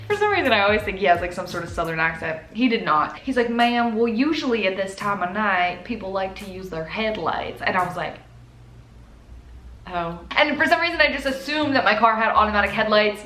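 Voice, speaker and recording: A woman in her twenties answering viewer questions in a chatty, animated way. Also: mid-range voice, roomy sound. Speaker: YouTuber. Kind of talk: casual Q&A chat.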